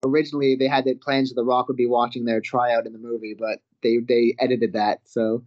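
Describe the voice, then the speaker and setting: A man from Canada spins anecdotes as an interview guest, laughing often and acting out the voices of the people he quotes. His voice sits at a middling pitch. The audio comes through dull and lo-fi. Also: flat delivery, a little fast, darkish tone. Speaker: guest, professional wrestler and actor. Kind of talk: casual storytelling.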